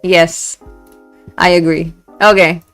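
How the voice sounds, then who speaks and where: A woman's voice: lowish voice, slow pace, no room sound, faint music behind. A young woman with an Indian accent, chatting casually on a live stream, giggling often and reacting to memes and chat. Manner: giggly, animated, switching between English and Hindi. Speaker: VTuber streamer. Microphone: desk mic set back from her.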